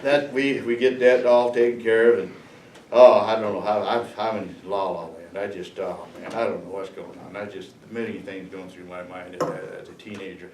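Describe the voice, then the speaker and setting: Older male veteran in his sixties, lowish voice, rambling chuckling storyteller, roomy echo, mic far off. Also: steady tone, darkish tone. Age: 60s. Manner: rambling, chuckling, halting with fillers. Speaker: veteran speaker. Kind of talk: storytelling to students. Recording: echoey room, distant mic, faint noise.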